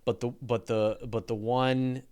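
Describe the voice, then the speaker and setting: A man's voice: medium pitch, level tone, unhurried, darkish tone, smooth. A Canadian man hosting an interview, chatty and self-deprecating, often repeating words. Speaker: interviewer host. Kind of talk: interview conversation.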